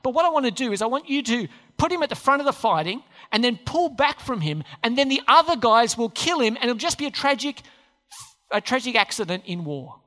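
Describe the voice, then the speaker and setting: Smug, self-justifying old king, lively sing-song delivery, echoing hall, as a preacher puts him on. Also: mid-range voice, a little fast. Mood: scheming. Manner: mocking, sing-song impression. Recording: long hall reverb.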